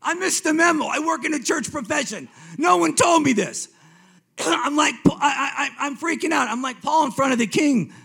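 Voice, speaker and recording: A man in his fifties telling his personal faith testimony to a congregation, swinging between hushed reflection and excited retelling, often repeating himself. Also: very high voice, moderate pace, creaky. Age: 50s. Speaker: speaker giving a testimony.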